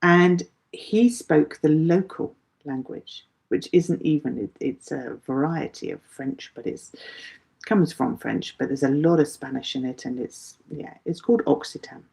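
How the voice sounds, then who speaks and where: A woman's voice: deep voice, measured pace, gravelly, a little mellow. A middle-aged woman teaching a live online English lesson, patiently explaining with everyday examples.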